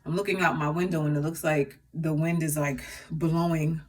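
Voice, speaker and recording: Woman makeup artist, chatty tutorial delivery, husky lower voice that swings up and down, mic a little distant. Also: normal speed, hardly any pauses. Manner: chatty, laughs often, talks while applying makeup.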